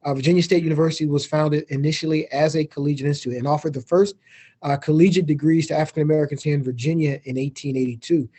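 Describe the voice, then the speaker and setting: Husky, mellow-voiced university president. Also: male voice, a little high. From Chicago, Illinois. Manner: informal and joking, self-deprecating asides. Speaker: university president giving a keynote. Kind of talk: casual keynote talk. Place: remote, speaking over a video meeting. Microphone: video call.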